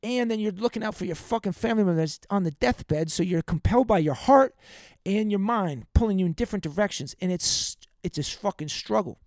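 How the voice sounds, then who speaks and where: A young American man with a fairly high voice runs his own podcast and wanders through a heartfelt, profanity-laced rant as a casual venting monologue. His intonation is lively, his pace fairly quick, and his tone a little mellow, recorded dry and close to the mic with no room sound or echo. He speaks casually, occasionally stopping to greet listeners by name.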